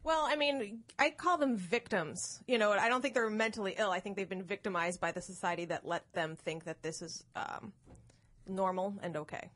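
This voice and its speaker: A woman's voice: mid-range voice, moderate pace, a bit bright. A female comedian guest on a podcast roundtable, blunt, profane and emphatic. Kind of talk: casual comedy roundtable chat.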